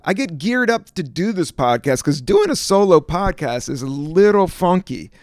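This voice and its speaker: Loose, rambling comedian with a lively voice. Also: male voice, high voice, normal speed, no room sound, clean studio sound. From United States. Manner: loose, profane, stream-of-consciousness, trails off searching for words. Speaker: podcast host. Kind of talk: rambling solo podcast monologue.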